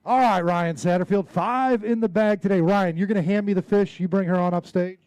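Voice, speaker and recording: A man emceeing a live fishing tournament weigh-in on an outdoor stage, hyped and joking, shouting out the weights. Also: high-pitched, a little fast, no room sound. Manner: hyped, jokey, loud call-outs.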